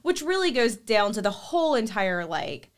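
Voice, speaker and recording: A woman's voice: a little high, very animated, moderate pace, clean tone. A woman hosting a podcast, chatting enthusiastically and filling her talk with "like". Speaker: podcast host. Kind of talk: casual chat.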